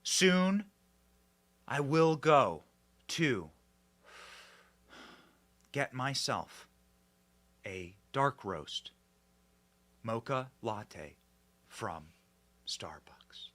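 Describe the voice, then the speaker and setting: A solemn male news anchor, put on by a man, speaks in a hushed, breathy drawl that keeps sinking toward a whisper. He stretches every word out slowly and gravely, in a low voice that sounds creepy rather than calm. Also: full character voice.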